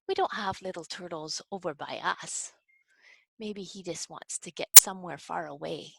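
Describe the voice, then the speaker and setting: A woman hosting a children's library program, telling a story to young kids in an animated, coaxing way and asking them questions. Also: on the low side, unhurried, creaky, husky, no room sound, rough recording. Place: at home.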